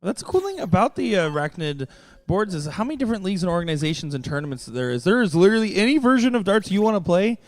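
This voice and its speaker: Slightly high-voiced guy hosting a darts stream, upbeat, lots of uh's. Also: big pitch swings, quick pace, no echo. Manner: upbeat, joking, many "uh" fillers. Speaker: stream host and commentator. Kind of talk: live sports commentary.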